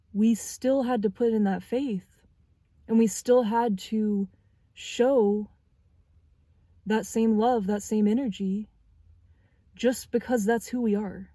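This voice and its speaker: Woman in her twenties, spiritual reader; warm low-key tone, pauses to find words, heartfelt. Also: no room sound. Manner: halting, searching for words. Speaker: tarot reader. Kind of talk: spiritual tarot reading.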